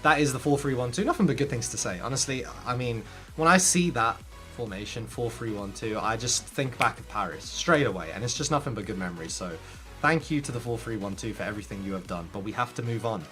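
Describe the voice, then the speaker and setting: A man talking casually to his viewers, giving gaming tips in an animated, direct way, often turning to speak straight at the audience. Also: mid-range voice, fast, soft background music. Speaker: gaming content creator. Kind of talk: casual tips talk to camera.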